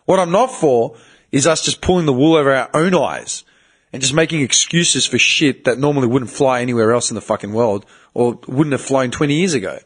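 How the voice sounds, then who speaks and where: A young man hosting a podcast, talking in a casual, animated, swearing way and mimicking other people in quoted voices. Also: mid-range voice, brisk, breathy edge. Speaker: podcast host.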